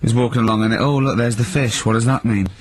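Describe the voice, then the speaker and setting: A man's voice: medium pitch, fairly even intonation, fast talker, over a noisy crowd, rough recording. A man hosting a radio show, teasing and exasperated, often breaking into laughter. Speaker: radio host. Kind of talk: casual radio banter. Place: radio studio.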